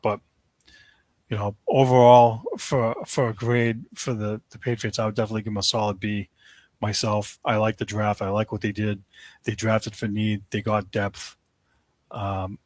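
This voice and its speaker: A man's voice: lowish voice, dry recording. A man hosting a sports talk podcast, giving opinionated commentary in a casual, ranting way with lots of fillers.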